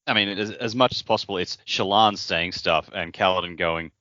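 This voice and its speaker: Man, low voice, dry humor, muffled lo-fi recording, no room echo. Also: brisk, bright, forceful tone. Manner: dry, wry asides. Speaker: podcast co-host. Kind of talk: casual book discussion.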